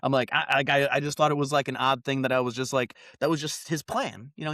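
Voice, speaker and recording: A man hosting a podcast, telling a story in a casual chat, animated and full of fillers and restarts. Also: mid-range voice, quick pace, no room sound, clean studio sound. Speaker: podcast host.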